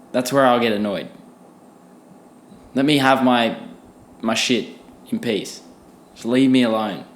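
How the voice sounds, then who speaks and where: Ranting, profane young man in echoey room. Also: medium pitch. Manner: ranting, profane, self-deprecating. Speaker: podcast host. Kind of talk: solo comedic podcast rant.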